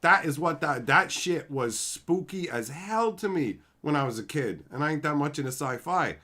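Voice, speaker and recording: A man hosting a casual livestream, reading viewer comments and joking boastfully, calling viewers bro and son and swearing freely. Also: moderate pace. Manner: lively swings in pitch and loudness, mock shouting. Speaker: livestream host.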